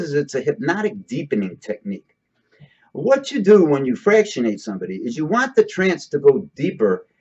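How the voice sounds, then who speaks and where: Lively rambling man, lo-fi sound. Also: a little high, husky. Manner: rambling, checks in with "okay?". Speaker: host explaining hypnosis. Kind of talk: casual spoken explainer. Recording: dull lo-fi recording.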